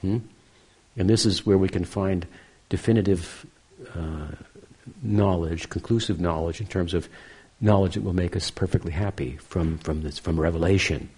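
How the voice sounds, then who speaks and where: Man, deep voice, husky, scripture lecture, reflective, questioning asides. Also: normal speed, a little mellow. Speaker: spiritual teacher.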